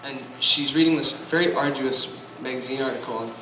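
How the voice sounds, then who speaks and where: A man quietly telling a story to introduce a song at a live coffee house performance, strumming as he talks. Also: mid-range voice, a little hiss or hum. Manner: quiet, unhurried storytelling over guitar. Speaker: singer-songwriter performing live. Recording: roomy, distant live recording with loud guitar. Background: loud live acoustic guitar.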